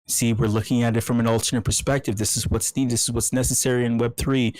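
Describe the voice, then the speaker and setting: A man's voice: medium pitch, little pitch movement, quick pace, hardly any pauses, no room sound, low-quality recording. Foul-mouthed man ranting in mock ASMR. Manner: profane, swings from hushed to yelling; restless stammering repeats. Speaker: meetup host. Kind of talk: comic rant in mock ASMR.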